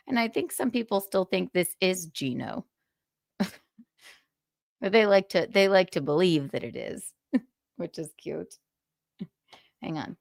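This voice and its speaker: A woman's voice: medium pitch, gravelly, no echo, studio quality. A young woman hosting a livestream, ranting with profanity and sarcasm. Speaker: podcast host.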